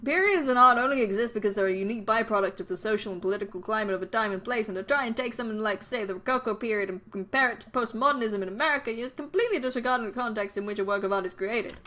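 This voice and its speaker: A young woman let's player reads a game's dialogue aloud, playfully voicing every character and joking between lines. Her voice is fairly high and sharp, and she races along with few pauses.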